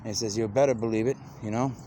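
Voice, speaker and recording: A man's voice: fairly low pitch, fairly even intonation, very fast, mellow, a little hiss or hum. A man talking in a loose, rambling monologue, repeating "you know" constantly and drifting from idea to idea.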